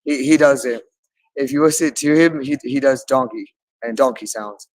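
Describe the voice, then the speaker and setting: A man's voice: mid-range voice, normal speed, poor audio. A man talking in a rambling monologue, swearing often and repeating phrases over and over. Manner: repetitive, loops phrases over and over; profane, with frequent swearing.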